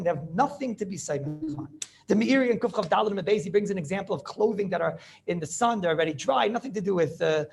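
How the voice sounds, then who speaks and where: A man, a rabbi, giving a Talmud study lecture in an animated way, repeating phrases and asking and answering his own questions. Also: high-pitched, vocal fry, a little hiss or hum. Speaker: rabbi teaching a class.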